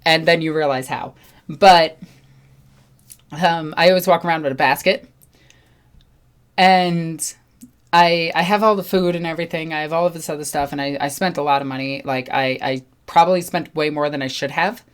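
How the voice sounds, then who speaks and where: Young woman, casual storytelling, slightly low voice, animated, acts out dialogue. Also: moderate pace, clean tone. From New York. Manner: animated, acts out other people's lines. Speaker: channel host.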